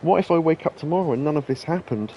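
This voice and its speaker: A man's voice: on the high side, expressive, quick pace, lo-fi sound, a little hiss or hum, pitched above the performer's own voice. A man reading out the lines of a naive, earnest young woman hostess from a game's subtitles, lifting his voice only a little. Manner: plain read-through, slightly raised voice. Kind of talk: reading game subtitles aloud.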